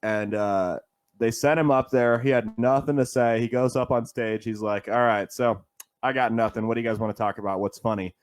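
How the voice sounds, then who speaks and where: A man's voice: medium pitch, steady tone, brisk. A man who is a comedian and a guest on a podcast, telling stories in a laid-back way and laughing often. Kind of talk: casual chat, telling stories.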